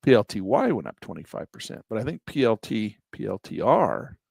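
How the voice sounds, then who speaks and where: A man's voice: lowish voice, sing-song, fairly quick, creaky, a little mellow, slightly rough, no room sound. A man giving folksy, self-amused commentary on his investments while sharing his screen. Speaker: investing vlogger. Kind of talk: casual screen-share commentary.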